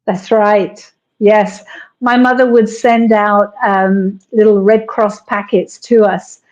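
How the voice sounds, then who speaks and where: A woman guest in an interview, reminiscing in a relaxed conversational way and telling stories with quoted lines. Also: medium pitch, takes it slowly, poor audio.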